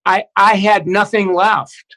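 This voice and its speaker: A man in middle age with a notably high voice, speaking as an interview guest. He tells his story in a halting way, full of restarts and fillers. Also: flat delivery, sharp tone, rough recording. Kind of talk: candid personal storytelling.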